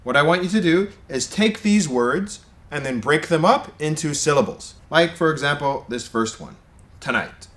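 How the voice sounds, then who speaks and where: A man teaching English pronunciation, native speaker, demonstrating words slowly and with clear, exaggerated stress. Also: on the high side, lively intonation, a bit bright, echoey room. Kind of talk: pronunciation lesson.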